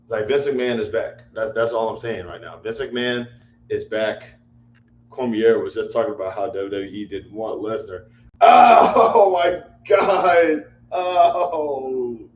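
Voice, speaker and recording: A man's voice: on the low side, normal speed, a little mellow. A man hosting a casual livestream chat, rambling and repeating himself in exasperation. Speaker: livestream host. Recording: echoey room, dull lo-fi mic, faint hum.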